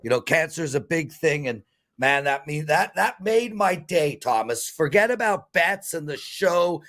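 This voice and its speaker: A man's voice: fairly high pitch, lively intonation, measured pace, a bit bright. A man in his fifties hosting a sports betting show, talking in a heartfelt, rambling way and getting emotional. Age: 50s. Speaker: host.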